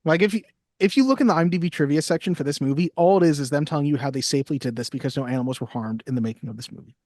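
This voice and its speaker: A podcast co-host recapping a film in a casual, animated chat, swearing often. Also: mid-range voice, very fast, no room sound, clean studio sound.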